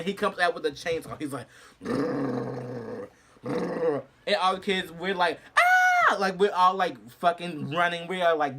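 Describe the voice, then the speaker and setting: A young man telling a storytime vlog in an animated, profane way, swinging from shrieks to low murmurs. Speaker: vlogger.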